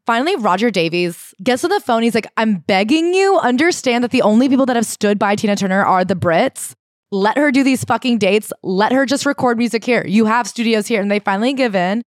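A woman co-host who tells a story with emphasis and reads passages aloud in a casual way. Her voice is a little higher than usual, and the sound is dry and close-miked. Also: expressive, brisk, no room sound. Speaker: podcast co-host. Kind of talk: casual chat with read passages.

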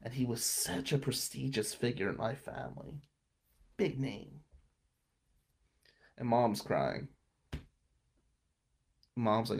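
Guy on a podcast telling a family story, mid-pitched voice, really acts out what people said. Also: slow pace, gravelly, long pauses, breathy edge. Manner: dramatic, acts out relatives' lines in voices. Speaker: podcast host. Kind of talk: personal storytelling monologue.

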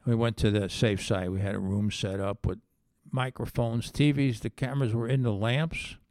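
A man's voice: lowish voice, moderate pace, no room sound. A middle-aged man, a former undercover agent, telling his story in an interview and acting out the voices of the people in it. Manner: animated storyteller, acts out quoted voices.

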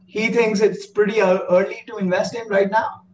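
A man's voice: sits high, flat delivery, moderate pace, a little mellow. A man with an Indian accent, the guest's father, giving friendly, plain answers. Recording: roomy audio from off-mic.

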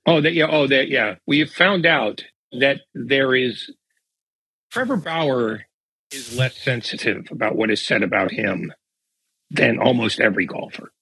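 A man co-hosting a podcast in casual chat, making deadpan dark jokes. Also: medium pitch, unhurried, slightly rough, no room sound, poor audio. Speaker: podcast co-host.

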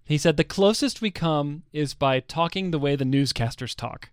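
A man's voice: a little high, normal speed, smooth, no echo, clean studio sound. An American man co-hosting a podcast, chatting casually, laughing easily and hesitating with fillers. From United States. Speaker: podcast co-host.

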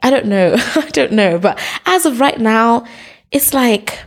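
Young woman guest, animated, fairly high voice, acts out quotes. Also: unhurried. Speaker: podcast guest. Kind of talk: casual interview chat.

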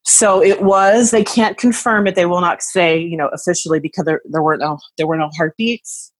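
A woman in her thirties, telling a personal story in casual chat, animated and acting out what others said. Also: on the low side, normal speed, no room sound, poor audio. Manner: animated, acts out quoted voices.

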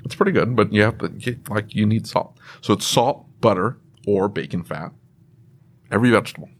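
A man in casual podcast chat, telling animated stories and giving emphatic opinions. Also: on the low side, a little fast. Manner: animated storyteller, emphatic opinions about food.

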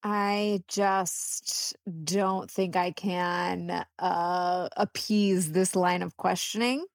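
A woman co-hosting a casual comedic chat, with crisp, careful enunciation and a dry, wry manner. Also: lowish voice, fairly even intonation, very slow, dry recording. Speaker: podcast co-host.

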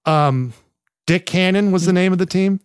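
A man co-hosts a podcast in relaxed, jokey chat, drifting and rambling. His voice is clean and smooth, a little higher than most men's. The sound is dry and close, with no room echo. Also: normal speed. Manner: laid-back, rambling, jokey. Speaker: podcast co-host. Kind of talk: casual chat.

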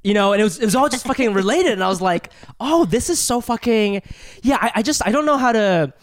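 A man's voice: high-pitched, animated, fast, no room sound, clean studio sound. A young man hosting a comedy podcast, chatting casually with lots of laughter and stammering restarts. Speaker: podcast host.

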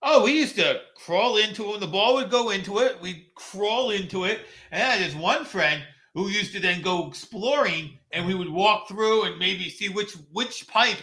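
A man in his forties talks in a very bright, sharp voice, pitched a little high. He chats haltingly, stopping and restarting his thoughts. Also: expressive. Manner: halting, trails off with ums. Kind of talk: casual chat.

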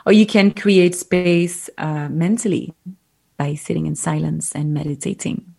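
A woman with a French accent, a guest on a podcast, telling stories animatedly and giving gentle, reflective advice. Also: deep voice, measured pace, creaky. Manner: animated storyteller, gentle and reflective when advising. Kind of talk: casual interview chat.

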